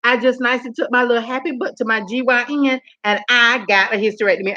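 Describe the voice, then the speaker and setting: This fast-talking vlogger, her voice on the high side, chats sassily with her live-stream viewers through a phone camera. She's animated, laughs often and calls them "honey" and "girl." The audio has its highs cut off.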